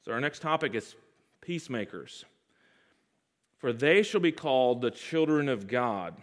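A man preaching a sermon, leading his congregation in call-and-response with emphatic repetition, swinging between loud, raised passages and hushed, low ones. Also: expressive, a little slow. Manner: sweeping pitch and loudness swings between loud highs and hushed lows.

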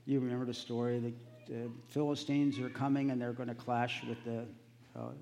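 A man preaches a sermon in a casual, storytelling way, his voice gravelly and mellow. The sound carries a long hall reverb. A faint noise hangs behind him. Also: mid-range voice, little pitch movement, a little fast.

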